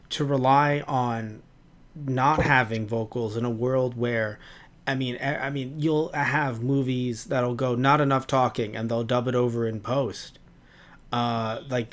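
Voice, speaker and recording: A man co-hosting a casual review podcast, rambling with many restarts. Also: medium pitch. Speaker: podcast co-host.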